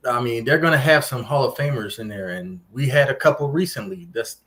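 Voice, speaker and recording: Man, mid-pitched voice, laid-back, thinks aloud, casual podcast chat. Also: a little fast. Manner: relaxed, thinks aloud with "I mean". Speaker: podcast co-host.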